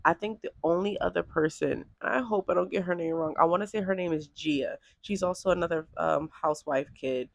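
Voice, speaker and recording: A woman talking casually to camera in a vlog, chatty and animated, peppering her speech with "like". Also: on the low side, brisk, creaky, few pauses, no echo. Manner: chatty and animated, heavy use of "like". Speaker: vlogger.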